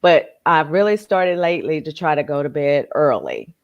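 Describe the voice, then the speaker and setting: Low-pitched woman co-host, lively relaxed delivery, rambling chat. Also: normal speed, dull audio. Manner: relaxed, rambling, many fillers and restarts. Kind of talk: casual chat.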